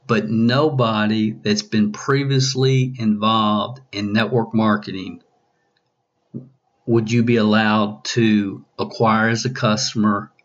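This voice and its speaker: Slow, questioning male business coach. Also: fairly low pitch, a bit bright, muffled recording. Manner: probing, repeats questions, many restarts. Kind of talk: coaching podcast talk.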